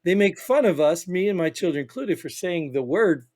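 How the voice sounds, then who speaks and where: High-voiced rambling man, Northern US accent. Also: expressive, moderate pace, a little mellow. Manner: rambling, emphatic, peppered with "you know what I mean". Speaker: podcast co-host. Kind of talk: opinionated casual chat.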